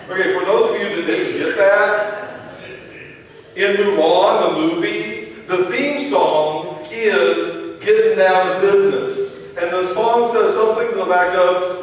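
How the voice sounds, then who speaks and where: A man's voice: sits high, slow, long pauses. A man pastor giving a sermon with a Midwest American accent, telling a family story and acting out the dialogue. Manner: animated storytelling, acts out dialogue. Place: church sanctuary. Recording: echoey church hall from far off, faint noise.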